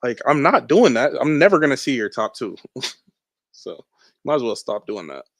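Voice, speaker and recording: A man's voice: mid-range voice, big pitch swings, normal speed, no room sound. A man co-hosting a casual movie watchalong podcast, laid-back and slangy, joking around. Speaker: podcast co-host.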